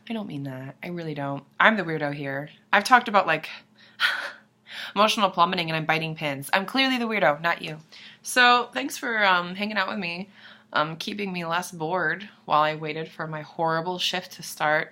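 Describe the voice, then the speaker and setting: Bright-voiced young woman rambling to camera. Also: fairly low pitch, moderate pace. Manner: rambling, profane, self-deprecating, drops into whispers. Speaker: vlogger. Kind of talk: casual chat to camera.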